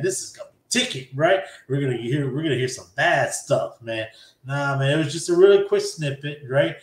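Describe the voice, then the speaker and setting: Animated man retelling an anime episode. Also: a little high, roomy sound. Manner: animated retelling, acting out character lines. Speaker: podcast host. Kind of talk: casual anime episode recap.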